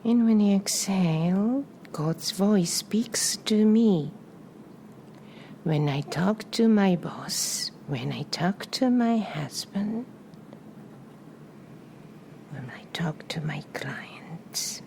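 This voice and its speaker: A woman leading a guided meditation in a soft voice that often drops to a breathy whisper, repeating short phrases and calm cues with long pauses in between. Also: mid-range voice, slight background noise. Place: live session in front of a small audience.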